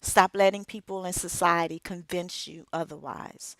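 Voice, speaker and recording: A middle-aged woman, an author and radio co-host, giving an inspirational speech with emphatic, measured phrasing and dramatic pauses. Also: lowish voice, fairly even intonation, fairly bright tone, no echo.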